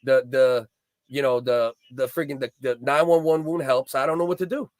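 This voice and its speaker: A man's voice: mid-range voice, steady tone, normal speed, no room sound, clean studio sound. A man, hosting a casual livestream and telling rambling, profane, heated stories. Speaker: livestream host.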